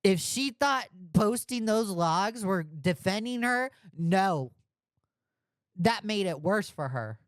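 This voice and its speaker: A woman's voice: mid-range voice, lively intonation, takes it slowly, dry recording, studio quality. A woman commentator ranting scathingly about another creator, mocking and blunt. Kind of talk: reaction commentary.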